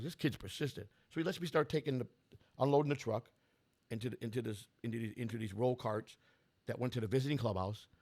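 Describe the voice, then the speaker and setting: Fast-talking gravelly man in his sixties. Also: mid-range voice. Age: 60s. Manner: rambling, blunt, repeats and restarts. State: strained voice. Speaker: political candidate. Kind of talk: personal storytelling.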